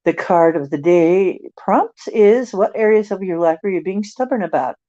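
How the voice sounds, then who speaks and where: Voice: medium pitch, normal speed, warm tone. An older tarot reader on a livestream, reading card texts with rambling, joking asides. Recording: dry, dull lo-fi stream audio.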